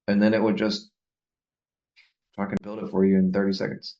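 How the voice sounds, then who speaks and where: A man's voice: lowish voice, completely flat delivery, moderate pace, pauses often, dark tone, roomy sound, highs cut off. A man hosting a course, telling stories casually on a group call in a loose, profane way and acting out the people he quotes. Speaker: course host.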